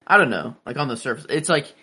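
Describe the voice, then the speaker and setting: A man's voice: mid-range voice, lively intonation, fast talker, sharp tone. A man co-hosting a podcast, rambling in casual chat with lots of fillers and restarts. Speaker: podcast co-host.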